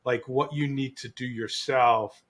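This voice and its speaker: A man co-hosting a leadership podcast over a call, talking in a lively, animated way with frequent restarts. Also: mid-range voice, measured pace. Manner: animated, restarts often, acts out quoted voices. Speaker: podcast co-host. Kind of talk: casual podcast conversation.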